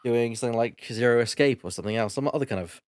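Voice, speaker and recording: A man hosts a relaxed stream conversation, hesitant and full of ums. His voice is dry and close, with no room sound. He sits at a medium pitch and chats easily. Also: quick pace, dry recording. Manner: hesitant, with fillers and laughs. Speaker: streamer host. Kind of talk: casual stream chat.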